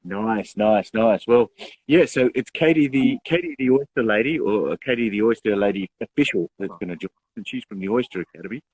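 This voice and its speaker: Chatty man hosting, husky. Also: fairly low pitch, brisk, a little mellow, rough recording. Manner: chatty, laughs often, says mate a lot. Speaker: co-host. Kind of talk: casual live show chat.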